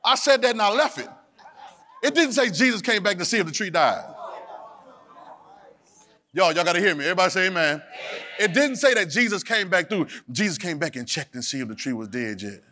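Preacher guy with a high voice, call and response, yells and half-sings the big lines. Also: sing-song, brisk, pauses often. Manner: Southern Black church vernacular, drops verbs. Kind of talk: sermon. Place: church sanctuary.

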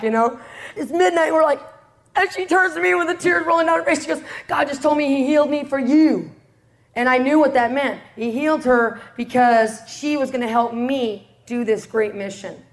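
Preaching her testimony, this high-voiced, middle-aged prison ministry leader recounts stories energetically. Again and again she poses rhetorical questions to the congregation to keep them engaged.

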